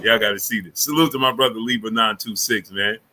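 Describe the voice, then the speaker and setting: A man with a very bright, sharp-edged voice hosts a casual sports livestream. He greets chatters one after another and leans on fillers and repeated phrases. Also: fairly low pitch, fairly quick. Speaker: livestream sports show host. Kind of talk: casual live chat reading viewer names.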